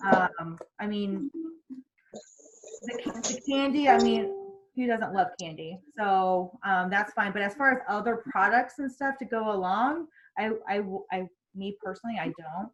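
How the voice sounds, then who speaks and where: A woman's voice: mid-range voice, measured pace, a bit bright, muffled recording. A woman leading a casual sales training on a group call, chatty, with lots of fillers and restarts. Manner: chatty, many fillers and restarts, acts out quotes.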